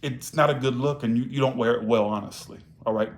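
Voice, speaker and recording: A man with a mid-range, steady voice talks a little fast while giving a casual tarot reading on a live stream. He's blunt and profane, scolds his viewers, and keeps slipping "all right?" into what he says.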